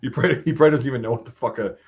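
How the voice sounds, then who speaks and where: A man in a loose, foul-mouthed chat, spinning army anecdotes and putting on voices for the people in them. His voice sits at an ordinary pitch, and the recording sounds a little dull and lo-fi. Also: very fast. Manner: swears freely, animated storytelling with voiced quotes. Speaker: podcast host and army veteran. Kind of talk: casual profane chat and war stories. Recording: slightly dull lo-fi audio.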